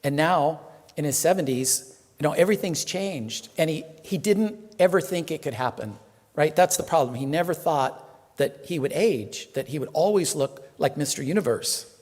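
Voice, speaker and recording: A reverend gives a relaxed, chatty sermon, joking with his congregation and pausing on plenty of fillers. His voice sits a little high for a man. The sound rings with the long reverb of a temple hall. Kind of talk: casual sermon.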